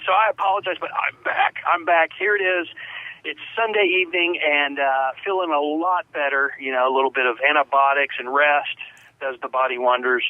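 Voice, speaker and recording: A man hosting a radio talk show, chatty and rambling, still a little stuffy from a sinus infection. His voice sits a bit high for a man. The sound is thin and phone-like, very dry with no room at all. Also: moderate pace, no echo. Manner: chatty, rambling, repeats words. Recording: phone-quality radio audio.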